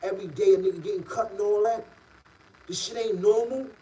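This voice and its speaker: A middle-aged man from the Bronx with a New York City accent, telling a story in a casual, streetwise way and rising loud and high when worked up. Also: steady tone, a little fast, far from the mic, low-quality recording.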